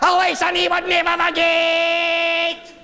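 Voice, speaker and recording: A man putting on a fiery man, declaiming loudly. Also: monotone, slow pace, soft background music, exaggerated voice. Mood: triumphant. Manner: high declaiming shout. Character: fiery proud Scottish man boasting of battle. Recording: live crowd and hall noise.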